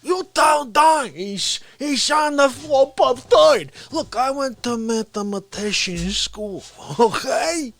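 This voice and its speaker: A man's voice: extremely high pitch, animated, slow, gravelly, few pauses, a bit bright, dry recording, pitched above the performer's own voice, exaggerated voice. A man putting on an exasperated middle-aged man who rants indignantly. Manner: indignant, ranting, incredulous.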